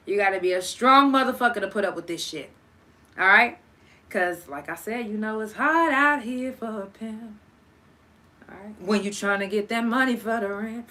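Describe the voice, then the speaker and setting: A young woman hosting a casual solo podcast, cursing freely and talking straight to her listeners. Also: medium pitch. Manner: profane, animated, talks to listeners directly. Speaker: podcast host.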